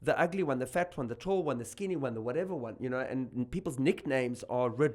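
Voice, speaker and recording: A South African man talks as a guest comedian on a podcast. His voice sits at an ordinary middle pitch. He is animated and laughs easily, and he often breaks off and restarts his sentences. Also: fast talker. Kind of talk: casual podcast chat.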